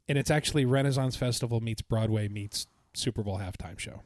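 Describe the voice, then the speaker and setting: A man's voice: medium pitch, fairly even intonation, fairly quick, a little mellow, no room sound, studio quality. A man co-hosting a podcast, telling a long, enthusiastic travel story in a casual, rambling way with many restarts. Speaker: podcast co-host. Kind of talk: casual chat.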